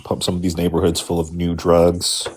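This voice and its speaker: A man co-hosting a podcast, adding quiet short remarks in casual chat. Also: low-pitched, monotone, normal speed, breathy edge.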